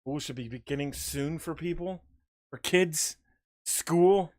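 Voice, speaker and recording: Young guy streaming, talks slow and rambly while painting, greets chat. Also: on the high side, darkish tone. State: out of breath. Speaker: livestream host painting figures. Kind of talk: casual livestream chat.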